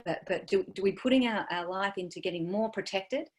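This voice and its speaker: Soft-spoken woman teaching. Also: medium pitch, a little fast. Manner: gentle, searching, with frequent fillers and trailing soft phrases. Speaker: meditation teacher. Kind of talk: dharma talk.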